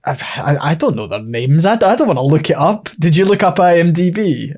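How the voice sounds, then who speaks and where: A man's voice: on the high side, animated, fairly quick, darkish tone. A man co-hosting a podcast, ranting sarcastically about a film and swearing freely. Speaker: podcast co-host. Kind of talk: casual chat, film review.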